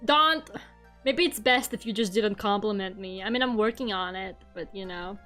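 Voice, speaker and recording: A woman's voice: mid-range voice, normal speed, sharp tone, soft background music. A young woman streaming from home, chatting casually with her viewers and laughing at herself often. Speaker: VTuber streamer.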